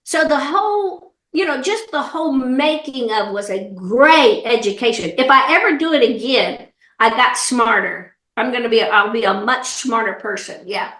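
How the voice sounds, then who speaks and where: A middle-aged woman with a Southern US accent, an animated, folksy comedian chatting in an interview. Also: on the high side, normal speed, roomy sound. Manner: animated storyteller, laughs often, folksy. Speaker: comedian and actor, interview guest. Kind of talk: casual interview chat.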